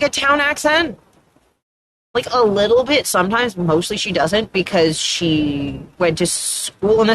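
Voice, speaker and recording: A woman's voice: lowish voice, fairly bright tone, slight background noise. Chatty woman with an Atlantic Canadian accent. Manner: rambling and chatty, often trailing off and restarting. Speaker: streamer. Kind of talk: casual chat while gaming on a live stream.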